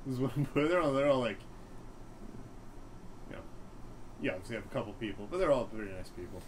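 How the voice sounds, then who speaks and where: A man's voice: medium pitch, animated, fast, noisy background. A young man in his twenties, a stand-up comic being interviewed, who talks in a rambling, self-deprecating way full of fillers. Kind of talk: casual interview chat.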